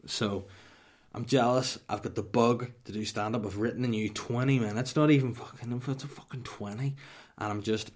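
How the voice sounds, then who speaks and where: A man's voice: medium pitch, steady tone, normal speed, darkish tone. A man, telling rambling, profane comic stories as a podcast host. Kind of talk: comic storytelling.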